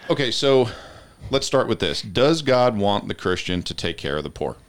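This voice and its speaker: A man's voice: on the low side, big pitch swings, moderate pace. A man hosting a podcast in casual discussion, methodically insisting on defining terms and laughing easily. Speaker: podcast host. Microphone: headphones with studio mic.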